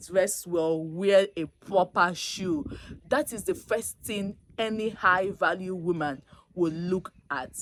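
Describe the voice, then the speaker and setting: A woman vlogger giving casual dating advice straight to camera, emphatic and teasing, swinging between loud bursts and soft asides. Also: fairly low pitch.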